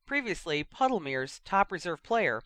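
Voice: medium pitch, moderate pace, no room sound. A reader voicing a cheeky young male commentator calling a match in an audiobook. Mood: brash. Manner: brash, excitable. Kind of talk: audiobook reading.

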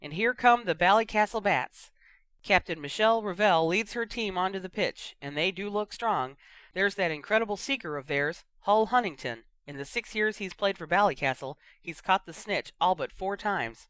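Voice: medium pitch, normal speed, no room sound, pitched above the performer's own voice, close to an everyday voice. A reader voicing a cheeky young male commentator calling a match in an audiobook. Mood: excited. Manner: brash, excitable. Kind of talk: audiobook reading.

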